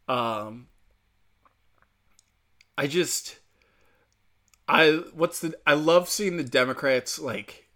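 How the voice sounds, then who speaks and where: A man hosting a casual solo rant, swearing freely and rising loud and high when he retells arguments. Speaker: podcast host.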